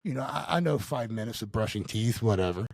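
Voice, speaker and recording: Male podcast guest, mid-pitched, slangy and animated storyteller, close dry recording. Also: a little fast, no room sound. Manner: animated, slangy, calls the listener dude and bro. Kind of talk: casual storytelling.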